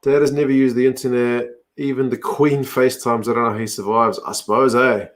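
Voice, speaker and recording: A man's voice: mid-range voice, little pitch movement, a little fast. A man hosting a casual rugby watch-along, reacting aloud to the play and chatting with viewers.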